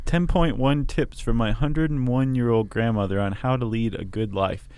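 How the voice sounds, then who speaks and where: A man's voice: mid-range voice, normal speed, darkish tone, clean tone. A man co-hosting a podcast in casual chat, with dry joking asides. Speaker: podcast co-host.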